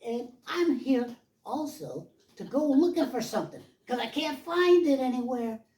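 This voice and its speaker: An older man putting on a silly high voice for a zany, excited man hunting for something he lost. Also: unhurried. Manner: squealing, whooping. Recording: roomy, far from the mic.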